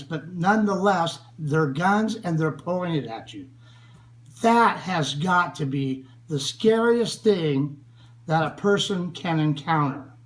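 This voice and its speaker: An older man from the United States speaks about a friend he lost. His voice sits a little high for a man, and he talks slowly, with long pauses. His manner is earnest and grieving throughout. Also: low-quality recording. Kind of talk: spoken tribute.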